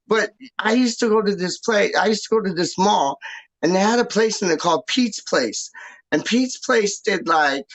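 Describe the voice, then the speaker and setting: A man co-hosting a casual fan chat who gets excited and repeats his phrases over and over. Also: high voice, moderate pace, poor audio. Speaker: fan stream co-host.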